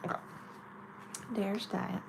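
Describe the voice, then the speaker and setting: A woman's voice: mid-range voice, little pitch movement, takes it slowly, creaky, music in the background, rough recording. A woman chatting casually and giggling while doing her nails on camera. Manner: chatty, giggly, self-mocking. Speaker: nail vlogger.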